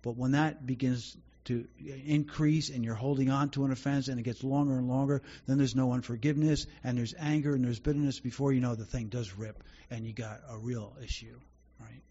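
A man preaches to his congregation in an earnest, conversational way, often circling back to restart a thought. His voice is dark and slightly husky, and the recording sounds dull and muffled. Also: medium pitch, fairly even intonation, fairly quick, hardly any pauses. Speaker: pastor. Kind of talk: sermon.

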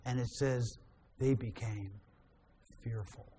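A man with a husky, mid-range voice preaches slowly, reading scripture aloud and then explaining it. He reads with animation, and his voice rises loud on the quoted lines.

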